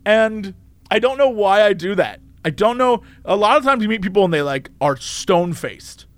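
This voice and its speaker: A man's voice: high voice, lively intonation, moderate pace, dry recording. A young man co-hosting a casual podcast chat, teasing and laughing a lot. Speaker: podcast co-host.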